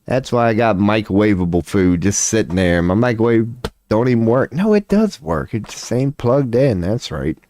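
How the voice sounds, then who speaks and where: A man's voice: on the low side, animated, moderate pace, a little mellow, slight background noise. A man, rambling casually on a stream at home, profane and self-mocking. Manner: profane, laid-back, self-mocking with frequent laughs.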